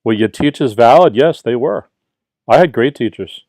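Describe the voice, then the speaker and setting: A man's voice: medium pitch, expressive, moderate pace, darkish tone, no room sound. A middle-aged man from Brooklyn with a New York accent, hosting a casual livestream as a tutor and chattily reading out viewer questions before answering them.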